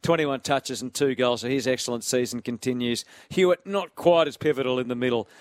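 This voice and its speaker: Polished Australian radio sports presenter. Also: male voice, medium pitch, smooth, no echo, clean studio sound. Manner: brisk, polished link reading. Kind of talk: scripted sports news reading.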